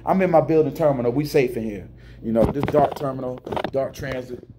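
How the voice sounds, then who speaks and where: A middle-aged American truck driver venting in an emotional, preachy vlog monologue indoors at a terminal, sliding between low mutters and high emphatic bursts. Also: male voice, a little fast, background noise. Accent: American English.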